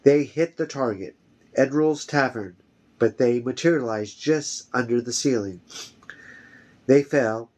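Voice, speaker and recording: A man's voice: mid-range voice, darkish tone. A man reading a fantasy novel aloud, carefully, often restarting a phrase. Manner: slow, careful, with frequent restarts. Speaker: reader.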